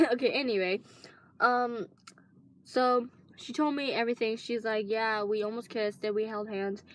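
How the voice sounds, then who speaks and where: A woman's voice: on the high side, fairly even intonation, unhurried. A teenage girl casually telling a long personal story, rambling with lots of fillers and restarts. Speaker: vlogger.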